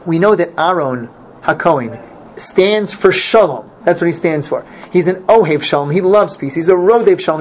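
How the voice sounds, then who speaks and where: A man teaching an informal Torah class, animated and repeating his points for emphasis. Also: sits high. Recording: dull lo-fi recording, faint noise.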